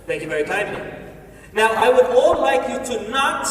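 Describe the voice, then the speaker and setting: A man giving an energetic, playful motivational talk on stage in a large hall, telling the audience what to do. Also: high voice, moderate pace, a little hiss or hum. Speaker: motivational speaker. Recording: echoey hall from far off, faint ambience.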